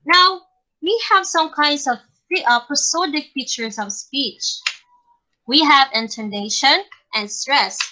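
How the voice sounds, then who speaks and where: Young woman, teacher, high bright voice, slow halting delivery, online class. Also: rough recording. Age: young adult. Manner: slow and halting, with many restarts. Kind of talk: role-played classroom lesson. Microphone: online call.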